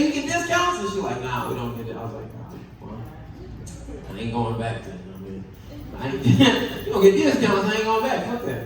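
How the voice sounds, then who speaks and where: A young man from the Caribbean, his voice pitched high, runs a loose and profane stand-up set and chuckles at his own lines. He is picked up from far off in a very echoey comedy club with a faint hiss beneath him.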